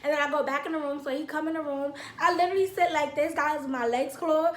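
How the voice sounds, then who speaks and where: A woman's voice: sits high, fast talker, hardly any pauses, echoey room. A young woman telling a casual storytime to her viewers, acting out both sides of a quarrel. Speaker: vlogger.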